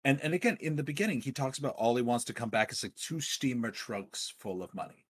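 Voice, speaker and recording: A man's voice: mid-range voice, animated, quick pace, slightly rough. A man co-hosting a casual film discussion, talking with enthusiasm and rambling through many fillers. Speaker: podcast co-host.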